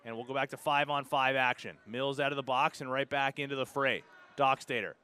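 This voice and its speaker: A man with a Canadian accent calling live lacrosse play-by-play, brisk and steady, rising sharply on goals and saves. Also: medium pitch, smooth. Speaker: play-by-play commentator.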